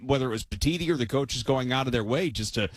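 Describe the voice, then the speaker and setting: A man's voice: medium pitch, fast talker, breathy edge, no echo. A man co-hosting a sports talk show, chatting in an easygoing, rambling way and hedging with fillers. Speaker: radio show co-host.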